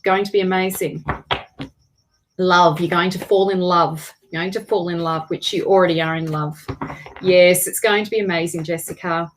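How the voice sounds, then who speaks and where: A woman's voice: lowish voice, steady tone, moderate pace, slight background noise. A woman, hosting a tarot livestream and chatting casually as she greets viewers by name, with frequent restarts.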